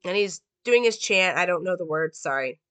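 A woman walks through a film's plot and meaning in a relaxed, rambling way. Her voice is bright and crisp, and the recording is dry with no room sound. She fills her pauses with "like" and "um.". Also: on the low side, no echo. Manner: loose, with many "like" and "um" fillers. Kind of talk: casual film analysis and plot recap.

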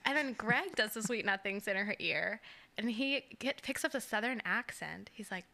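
A young adult woman co-hosting a casual chat, animated, laughing often and acting out what others said. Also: medium pitch, normal speed, gravelly. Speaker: podcast co-host. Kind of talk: casual chat recapping a reality show.

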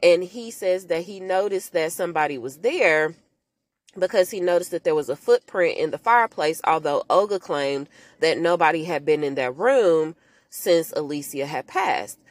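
Podcast host, woman, chatty animated movie recap, lowish voice, dry close mic. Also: moderate pace, no echo. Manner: animated storytelling, talks to listeners as "y'all", acts out quotes in character voices.

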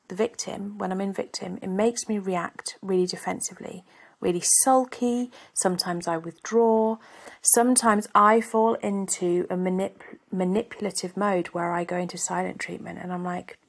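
A woman's voice: medium pitch, vocal fry. A woman hosting a self-help podcast, a mother speaking candidly and thinking aloud in a reflective monologue. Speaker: podcast host; mother of three.

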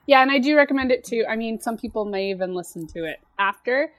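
A woman's voice: fairly high pitch, animated, fast talker, no echo. A woman co-hosting a podcast speaks on a close, dry microphone. She talks casually and hesitantly, restarting her sentences as she searches for the right words. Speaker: podcast co-host.

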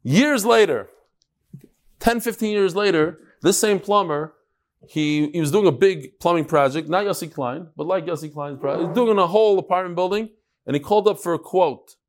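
Lively rabbi, slightly high voice. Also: male voice, normal speed. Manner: animated, talks straight to the class. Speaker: rabbi teaching a Talmud class. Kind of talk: lively lecture with storytelling.

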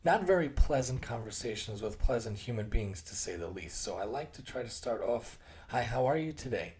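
A man's voice: fairly low pitch, expressive, normal speed, a little mellow, a little hiss or hum. A man hosting a podcast, talking earnestly in a casual monologue and sometimes restarting his phrases. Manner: acts out quoted remarks in other tones. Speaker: podcast host; occupational therapist.

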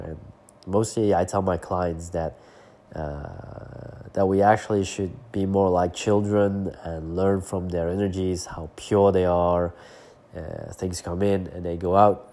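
A man hosting his own podcast in a relaxed solo chat, his voice nasal and stuffy from hay fever, often pausing with fillers as he searches for words. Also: sits low. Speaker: podcast host and coach. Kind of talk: casual solo podcast monologue.

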